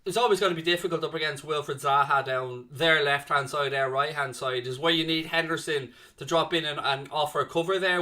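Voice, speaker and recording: A man hosting a live football watchalong, talking casually to his viewers. His voice sits a little high and sounds bright and forceful. He is animated and reads chat comments aloud as he goes.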